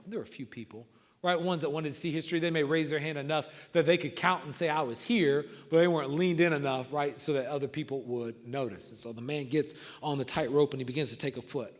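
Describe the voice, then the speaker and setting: A man giving a motivational talk to coaches, telling stories and swinging from loud outbursts to hushed lines. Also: sits high, fast talker. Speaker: motivational speaker. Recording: reverberant hall.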